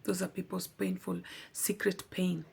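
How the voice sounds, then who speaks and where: A woman's voice: fairly low pitch, little pitch movement, unhurried, creaky, darkish tone, slightly rough. A young adult woman vlogger giving a heartfelt personal testimony, earnest and pleading, repeating words for emphasis.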